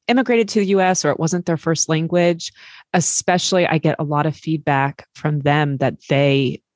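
A podcast host from Maryland in the United States interviews a guest remotely in a casual, chatty way, telling warm stories with plenty of fillers. Her low voice stays steady at a moderate pace. The studio-quality audio has no room sound.

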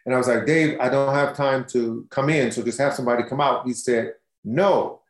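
A man's voice: medium pitch, normal speed. A man near sixty, a singer being interviewed, telling stories expressively and acting out what people said, laughing as he goes. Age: 50s. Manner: expressive, laughing storyteller who acts out quotes. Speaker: guest singer. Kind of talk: animated storytelling interview. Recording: roomy echo.

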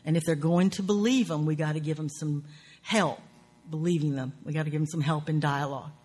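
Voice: mid-range voice, fairly even intonation, brisk, a little mellow, husky. A writing teacher with a Southern US accent, lecturing on craft in an earthy, profane, wry way with folksy grammar.

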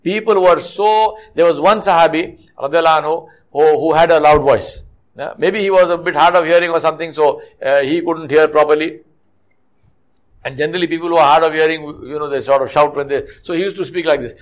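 Speaking fairly quickly in a fairly high, steady voice, a middle-aged mosque preacher gives a sermon. He narrates stories with many restarts and rebukes his audience using rhetorical questions.

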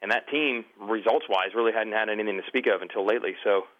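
A man's voice: fairly low pitch, fast, narrow, tinny audio. A man co-hosting a casual racing podcast, rambling on with fillers. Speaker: co-host.

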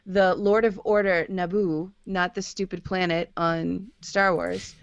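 A woman's voice: on the low side, fairly even intonation, unhurried, clear, resonant tone, no room sound, muffled recording. A woman co-hosting a podcast in casual chat, playful and sarcastic. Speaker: podcast co-host.

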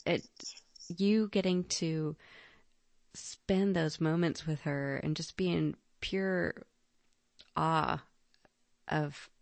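A woman hosting an interview talks slowly and affirmingly, her lowish voice touched with gravel. The recording is dry and close. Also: no room sound. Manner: soft, affirming, unhurried. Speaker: podcast host. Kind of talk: interview conversation.

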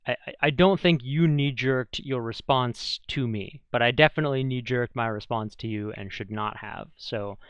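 A man with a smooth, clear voice co-hosts a casual podcast, offering reflective advice. He has a medium pitch. The recording is dry and a little dull. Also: normal speed, hardly any pauses, fairly bright tone, no room sound. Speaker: psychologist and podcast co-host. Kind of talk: casual chat. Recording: dry, slightly dull lo-fi sound.

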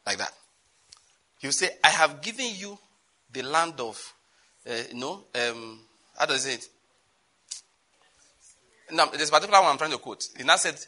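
A male preacher delivering a sermon, moving between loud exclamations and quiet asides. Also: fairly high pitch, expressive, moderate pace, long pauses.

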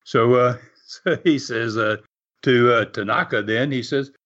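A man's voice: medium pitch, a little slow. A man, a wrestling promoter and TV producer, telling an anecdote with frequent chuckles and acted-out quotes. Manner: animated, chuckles often, acts out quotes. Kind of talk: storytelling anecdote. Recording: dull lo-fi recording.

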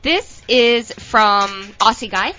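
A woman co-hosting a casual podcast reads listener emails aloud, laughing as she stumbles over names. She keeps interrupting herself while tending a child. Her voice is a little high, expressive, slow, and sharp, on dull lo-fi podcast audio.

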